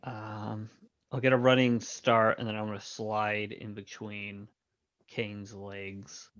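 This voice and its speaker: A man plays his turn in a tabletop game, speaking slowly and with many hesitations and small laughs. His voice sounds dull and lo-fi. The recording is dry and close. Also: on the low side, monotone, fairly bright tone, dry recording. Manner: hesitant, laughing, full of fillers. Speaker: player. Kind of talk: casual tabletop game play.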